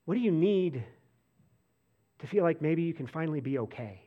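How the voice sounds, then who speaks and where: Preaching casually, this pastor fills his sermon with "like" and keeps restarting sentences, alternating animated moments with hushed, soft ones. He speaks at a moderate pace in a fairly high pitch, and the audio sounds narrow and tinny.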